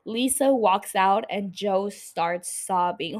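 A woman hosts a podcast and recaps an episode in casual, blunt talk full of swearing. She gushes openly about what she liked. Her voice sits at a middle pitch for a woman. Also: takes it slowly, few pauses. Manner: blunt and gushing, swears freely. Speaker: podcast host.

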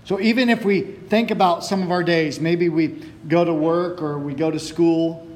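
A man's voice: a little high, fairly even intonation, normal speed. A man preaching a sermon who reads scripture aloud, prays, then preaches. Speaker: pastor.

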